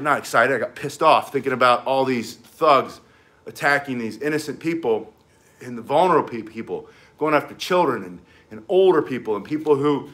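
A man's voice: on the high side, fairly bright tone. A man teaching cane self-defense, talking intensely while he demonstrates the moves. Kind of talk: demonstration lesson.

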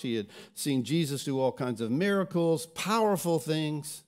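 A man's voice: a little high, lively intonation, normal speed, few pauses, darkish tone. A pastor preaching a sermon, often repeating words as he restarts, and telling scripture stories dramatically.

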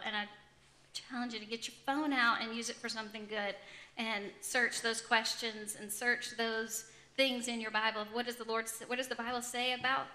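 A woman giving a lively testimony talk to a group as a ministry speaker, often laughing as she tells it. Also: on the high side. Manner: animated, laughing storyteller.

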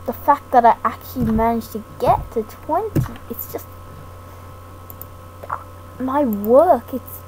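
Slow, rambling woman on a noisy mic. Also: fairly high pitch, expressive. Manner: slow, hesitant, self-deprecating rambling with many restarts. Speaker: gaming YouTuber. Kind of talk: rambling thank-you talk over gameplay. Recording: noisy home mic recording.

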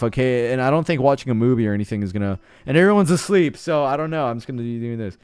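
A young man streaming a game live, talking casually, swearing often and cheering loudly at the screen. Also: mid-range voice, racing, few pauses, smooth, no room sound. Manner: hyped and jittery, swears a lot, cheers loudly. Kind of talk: casual live-stream chat while gaming.

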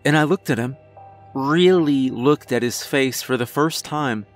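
A man narrating a first-person horror story in a measured storytelling manner. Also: mid-range voice, faint music behind.

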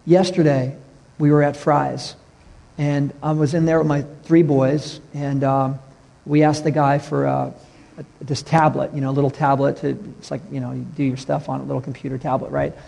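A middle-aged man preaching a sermon as a pastor, telling stories and dropping to a soft hush for tender moments. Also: mid-range voice, level tone, moderate pace, gravelly, long reverb tail. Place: church sanctuary.

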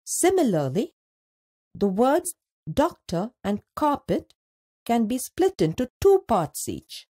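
A woman narrating a scripted school lesson, speaking slowly and deliberately and stretching words out syllable by syllable. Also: a little high, huge pitch swings, mellow, slight background noise. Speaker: teacher narrator.

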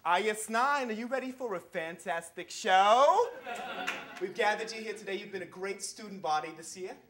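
A man playing a fussy, stern school principal at an assembly in a live solo show, talking primly and quickly correcting the children. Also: sits high, lively intonation, reverberant, recorded from a distance, a little hiss or hum. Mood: prim, scolding. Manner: scolding, prim, quick to correct. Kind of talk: live solo theater performance. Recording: live show with loud music.

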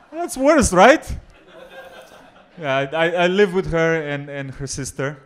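A young Macedonian man with a Macedonian accent performing a stand-up comedy set in a club, mixing deadpan jokes with crowd work. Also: high-pitched, moderate pace, pauses often. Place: comedy club before a live audience.

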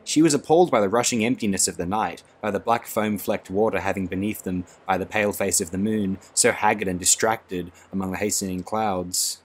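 A man narrating an audiobook in a measured, dry reading. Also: on the low side, steady tone.

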